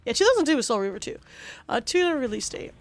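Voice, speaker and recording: A woman's voice: sits high, sing-song, fast talker, gravelly. A woman streaming a game, chatting casually in a rambling, profane and passionate way. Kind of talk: casual gaming stream chat.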